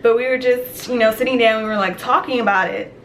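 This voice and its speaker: A young woman telling a dream story in casual vlog style, animated and chatty, with many "like" fillers. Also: on the high side, a little fast, slight background noise. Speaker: vlogger.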